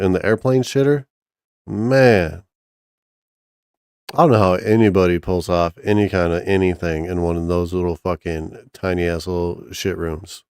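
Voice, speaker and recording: A man's voice: low-pitched, darkish tone, clear, resonant tone, dry recording, clean studio sound. A man casually chatting on a stream, rambling and joking crudely with lots of restarts. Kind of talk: casual profane chat with chat and co-host.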